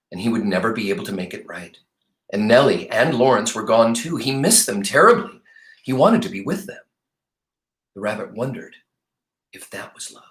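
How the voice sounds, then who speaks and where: Brief: low-voiced male teacher doing an animated read-aloud, echoey room. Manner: expressive, animated storytelling. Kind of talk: reading a novel aloud to a class.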